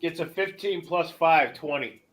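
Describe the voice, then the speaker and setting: A man's voice: a little high, a little slow, fairly bright tone, faint music behind. A man playing a tabletop game. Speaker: player. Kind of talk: casual tabletop game play.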